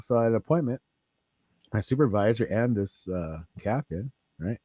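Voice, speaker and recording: Brief: male host, mid-pitched, animated and profane storyteller, dry close mic. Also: brisk, long pauses, no echo. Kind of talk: casual chat.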